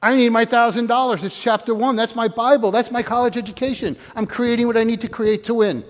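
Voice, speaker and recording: Older guy, pretty high voice, pumped-up motivational talk, keeps quizzing the crowd, echoey hall. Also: fairly quick. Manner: energetic, quizzes and calls out to the audience. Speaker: motivational speaker. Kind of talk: live motivational talk to an audience. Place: room with an audience. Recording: long hall reverb.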